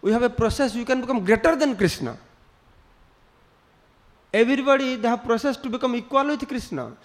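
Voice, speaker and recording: Male preacher, high pitch, storytelling sermon. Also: fairly quick. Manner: storytelling with acted quotes, non-native English phrasing. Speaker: spiritual teacher.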